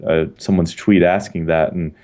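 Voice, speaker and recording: A man co-hosting a gaming podcast, explaining news in a measured, informative way with occasional uhs. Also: sits low, steady tone, dark tone. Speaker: podcast co-host. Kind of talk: casual chat.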